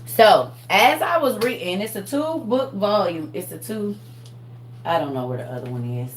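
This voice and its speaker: A woman hosts a live online class in casual chat, animated, laughing and talking straight to her viewers. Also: medium pitch, moderate pace, echoey room, slight background noise. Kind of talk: casual livestream teaching chat.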